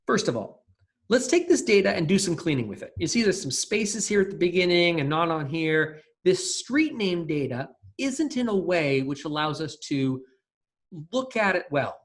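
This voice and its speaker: A man's voice: fairly high pitch, sing-song, moderate pace. A man teaching a recorded programming class, talking casually and thinking aloud with fillers and restarts. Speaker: lecturer. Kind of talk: recorded coding lecture.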